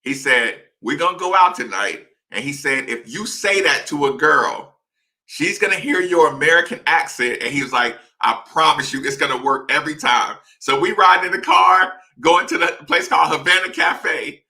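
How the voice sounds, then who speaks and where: A man telling casual stories straight to his camera, chatty and animated, acting out the dialogue of the people in them. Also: a little high, moderate pace, gravelly. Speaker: former basketball player sharing stories. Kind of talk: casual storytelling vlog. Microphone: webcam or phone facing him.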